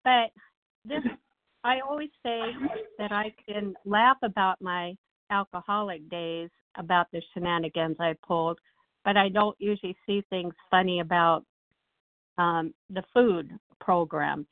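A woman's voice: fairly low pitch, a little slow, no echo. Woman sharing over a tinny phone line. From Nashville, USA. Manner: rambling, self-mocking, animated when quoting herself. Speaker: meeting member sharing. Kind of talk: personal share on a phone meeting. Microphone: phone call.

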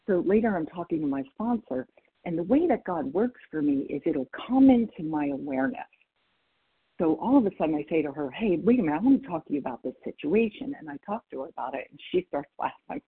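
On a video or phone call, a North Idaho woman shares candidly in a recovery meeting, quoting others and laughing at herself. She talks fast and expressively in a fairly low-pitched voice with vocal fry and a breathy edge, and the audio is phone quality.

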